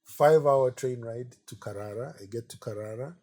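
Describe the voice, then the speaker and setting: A middle-aged man, an artist being interviewed, telling relaxed anecdotes in a chatty way and often saying "you know". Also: mid-range voice, moderate pace. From Kenya.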